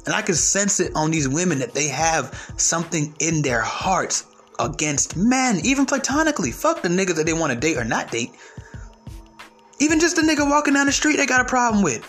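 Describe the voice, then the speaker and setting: A man's voice: high voice, sing-song, a little fast, fairly bright tone, faint music behind. A young man from the United States who stutters, delivering a brash, profane comic rant. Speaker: vlogger.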